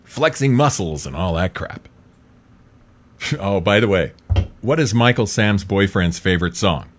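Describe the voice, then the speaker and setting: Swinging from loud outbursts to muttered asides, a middle-aged man hosting a talk show delivers an opinionated, emphatic, repetitive monologue. His expressive, fairly low voice jumps up and down in pitch at a somewhat slow pace, with a little hiss or hum.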